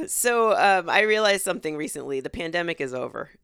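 A woman in her thirties co-hosting a casual comedy podcast, playfully imitating how people say words and laughing often. Her voice sits on the low side but swings widely in pitch. The sound is dry and close. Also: animated, fairly quick, fairly bright tone, clear, resonant tone, no room sound. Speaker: podcast co-host.

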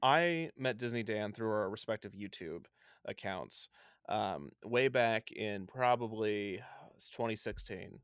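Easygoing low-voiced male host. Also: expressive, measured pace, a bit bright, smooth, no room sound, clean studio sound. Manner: easygoing, with fillers. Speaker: podcast host. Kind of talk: casual interview chat.

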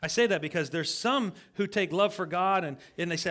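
A man preaching a sermon as a guest at a church service, in a fairly high voice. He talks in a casual, earnest way and often breaks off and restarts his sentences. He turns often to the congregation with quick asides. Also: fairly bright tone. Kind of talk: conversational sermon.

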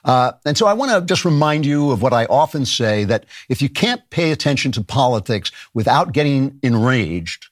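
Brief: male show host, sardonic comic monologue, pitch bouncing all over, dry close mic. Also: moderate pace, hardly any pauses, no echo. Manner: sardonic, mocking, laughs at his own jokes; animated, shouts mock voices of others. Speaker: political commentator and show host.

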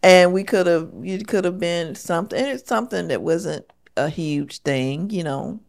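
A woman's voice: on the low side, moderate pace, creaky. A woman co-hosting a podcast, chatting casually and telling stories. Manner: chatty, storytelling, laughs often. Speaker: podcast co-host. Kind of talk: casual relationship talk.

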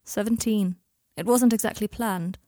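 A woman voicing a gentle, guarded young father, speaking softly and tenderly, with a clipped reserve. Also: medium pitch, normal speed, no room sound, studio quality, natural voice. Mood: reserved.

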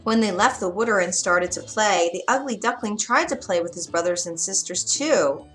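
A woman reading a children's story aloud, gentle and expressive. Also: medium pitch, normal speed, faint music behind.

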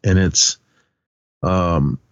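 A man's voice: low-pitched, drawn-out words, clear, resonant tone, no room sound, highs cut off. A man co-hosting a podcast, recapping a film's plot casually, rambling and correcting himself with lots of fillers. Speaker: podcast co-host.

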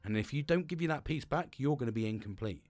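A man's voice: medium pitch, lively intonation, quick pace, a little mellow, no echo. A young man hosting a podcast, talking in a casual, rambling way, swearing freely and laughing often. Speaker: podcast host. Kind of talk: casual motivational monologue.

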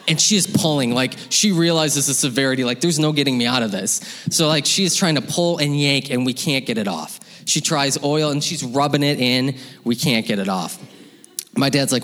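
A man telling a personal story live on stage, lively and laughing, acting out the voices of his parents. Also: fairly high pitch. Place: hall with audience. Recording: long hall reverb.

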